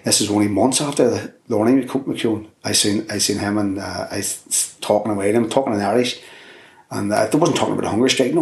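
Older Belfast man, interviewee, low gravelly voice, echoey room, telling a rambling story. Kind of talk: oral history interview. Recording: roomy echo.

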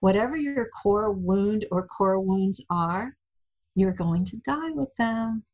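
A middle-aged woman, a guest in an interview, telling lively stories and acting out quoted lines. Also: medium pitch, slow pace, muffled recording. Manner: animated storyteller, acts out quotes. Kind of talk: casual interview chat.

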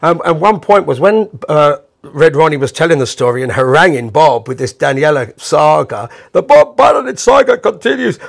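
A man, a bandleader, casually telling a rambling, animated anecdote with the odd chuckle. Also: a little high, moderate pace, gravelly.

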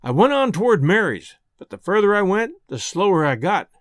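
A man's voice: sits high, very animated, a little fast, no echo, studio quality. A man narrating an old-fashioned first-person story in a bashful, homespun country dialect.

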